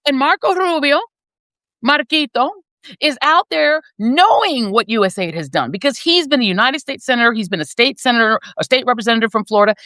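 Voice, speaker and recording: Woman, 50s, panel commentator: emphatic and sarcastic, high-ish voice. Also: pushed and bright, no room sound, clean studio sound. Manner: emphatic, sardonic, swings between high and low. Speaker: panel guest. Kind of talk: impassioned political commentary.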